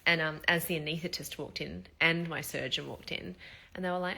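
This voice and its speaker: Woman, thirties, low-pitched, bright tone, casual vlog, candid and emotional, short of breath after surgery. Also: fairly even intonation, moderate pace, vocal fry. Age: 30s. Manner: candid, emotional storytelling with swearing and fillers. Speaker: vlogger.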